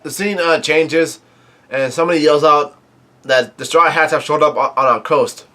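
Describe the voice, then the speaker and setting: A man's voice: a little high, fairly even intonation, normal speed, pushed and bright. A man casually recapping and reacting to a comic chapter, rambling with many fillers and restarts and coughing now and then. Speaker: manga reaction host.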